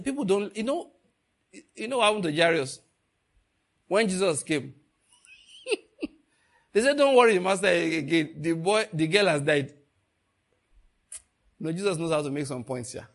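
Man, preacher, sermon, middle-aged, higher-pitched voice, animated delivery. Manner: animated, swings between hushed and loud, laughs often.

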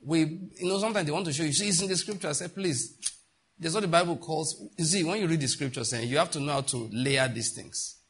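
A man's voice: on the high side, fairly quick, fairly bright tone, slightly rough. A middle-aged man, preaching a sermon emphatically and asking the congregation rhetorical questions. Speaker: pastor.

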